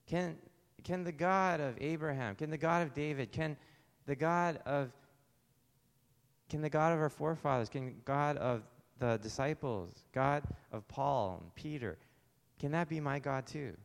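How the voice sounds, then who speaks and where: A pastor preaching a conversational sermon, asking the congregation rhetorical questions. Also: male voice, a little high, measured pace, gravelly, long reverb tail.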